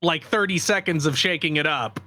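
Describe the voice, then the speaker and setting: A man's voice: on the high side, a little fast, bright, forceful tone. A man co-hosting a casual comedy podcast, explaining things in an easygoing, matter-of-fact way. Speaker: podcast co-host.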